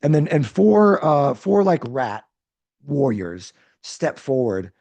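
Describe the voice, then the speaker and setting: Male game master, gravelly mellow voice, dry close sound, loose rambling narration. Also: medium pitch, sing-song, takes it slowly, no room sound. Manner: rambling, hesitant, many restarts.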